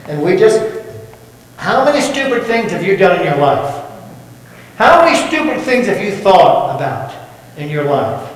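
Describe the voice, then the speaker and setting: A man's voice: sits high, big pitch swings, moderate pace, pauses often. A man preaching a sermon as pastor, folksy and quizzing the congregation with questions. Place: church sanctuary. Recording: echoey church hall from far off.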